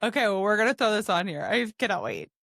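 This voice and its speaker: A woman's voice: mid-range voice, very animated, fast talker, creaky, a bit bright, dry recording, clean studio sound. A woman hosting a podcast in casual chat, giggling and playing along. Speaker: podcast host.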